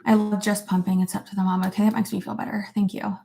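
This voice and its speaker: Young woman vlogger, mid-pitched, loose and chatty, swears freely, peppers her talk with "like". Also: level tone, quick pace, gravelly, warm tone. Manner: chatty, full of "like" fillers, swears casually. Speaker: vlogger reading viewer comments. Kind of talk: casual chat. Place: at her desk at home.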